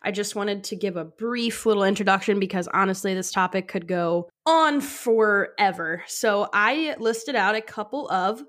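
A woman's voice: medium pitch, normal speed, few pauses, fairly bright tone. A young woman co-hosting a podcast, chatting casually with frequent fillers and laughter. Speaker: podcast co-host. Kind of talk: casual chat.

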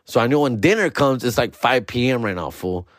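A man's voice: medium pitch, lively intonation, a little fast, dry recording, clean studio sound. A young man, a podcast host telling a story in casual, profane slang mixed with Spanish.

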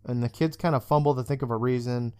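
A man of medium pitch chats on a podcast, walking through a TV episode scene by scene. He swears freely and slips into the characters' lines as he retells them. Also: fast talker, smooth. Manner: animated, swears often, acts out quoted lines. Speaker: podcast co-host. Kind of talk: casual chat recapping a TV episode.

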